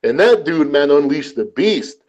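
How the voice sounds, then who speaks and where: A man in casual chat, telling animated stories, swearing often and saying "man" a lot. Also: a little high, unhurried, highs cut off.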